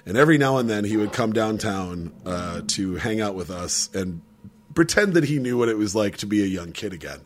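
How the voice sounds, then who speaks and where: A man telling a story in casual podcast chat, animated and profane, laughing often. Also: on the low side, a little fast.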